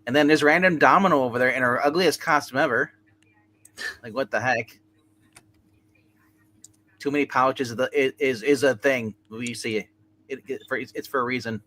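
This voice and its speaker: Sharp-voiced man on a chat panel. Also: medium pitch. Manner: halting, repeats words while thinking. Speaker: panel guest.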